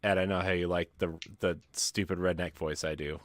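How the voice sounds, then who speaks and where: A man's voice: sits low, fairly even intonation, fairly quick, few pauses. A man co-hosting a podcast over a video call, chatting casually and joking, often laughing mid-sentence. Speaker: podcast co-host. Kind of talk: casual chat.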